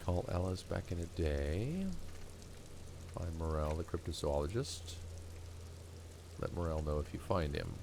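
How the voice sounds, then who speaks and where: A man's voice: rumbling low, expressive, measured pace, gravelly, long pauses, noisy background. A man casually playing a video game, reading its text aloud with chatty asides. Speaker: gamer playing through a game. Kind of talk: casual let's-play commentary and reading aloud. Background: game music.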